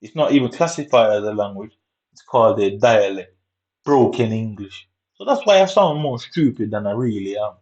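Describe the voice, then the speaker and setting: A man's voice: lowish voice, lively intonation, moderate pace, a little mellow, dull audio. A man with a Jamaican accent, ranting angrily over gameplay, swearing constantly and using street slang. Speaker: gamer.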